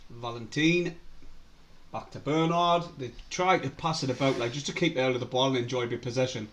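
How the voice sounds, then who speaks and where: A man's voice: medium pitch, steady tone, a little fast, fairly bright tone. Laughing man. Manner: laughs often, says "aye" and "like". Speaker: co-host of a fan live stream. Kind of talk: casual football chat and match commentary.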